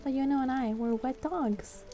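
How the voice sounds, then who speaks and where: A woman's voice: high-pitched, moderate pace, dark tone, soft background music. A young woman reading a dating game's story aloud, reacting emotionally and doting on the characters. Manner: emotional, doting, reacts with sighs and pet names. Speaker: YouTuber reading a game playthrough.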